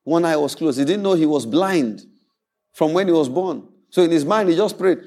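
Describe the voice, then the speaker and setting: Male pastor, high and animated, playful sermon storyteller. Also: fairly quick. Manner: animated storytelling preacher, acts out quoted voices, laughs often.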